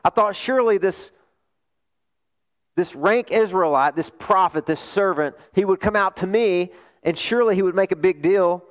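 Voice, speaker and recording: A man's voice: sits high, moderate pace, pitched above the performer's own voice, lightly acted. A man putting on a proud, offended commander. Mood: indignant. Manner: indignant, emphatic.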